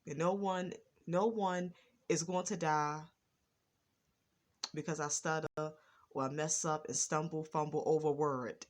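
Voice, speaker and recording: A woman vlogger talking slowly and carefully in a casual personal monologue, with a stutter and a lot of repetition. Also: low voice, fairly even intonation.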